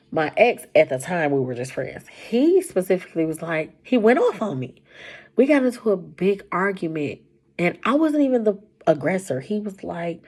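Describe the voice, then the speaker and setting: Husky low woman telling her story. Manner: animated, colloquial, jumps high when quoting herself. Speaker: storyteller sharing a personal testimony. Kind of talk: casual personal storytelling.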